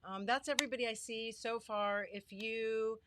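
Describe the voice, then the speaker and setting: Against a noisy background, this middle-aged woman hosts a casual live stream chat from her home studio, warmly greeting viewers by name as a livestream host and small business owner. She speaks at a moderate pace in a fairly high voice with fairly even intonation.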